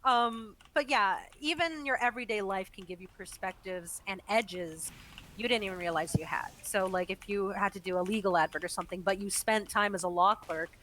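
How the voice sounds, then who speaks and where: A woman voice actor chats as a guest in a relaxed, animated way, spinning long explanations and laughing easily. Her tone is bright and forward. A faint hiss of background noise sits under the voice. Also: medium pitch, fairly quick, low-quality recording. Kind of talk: casual interview chat while gaming.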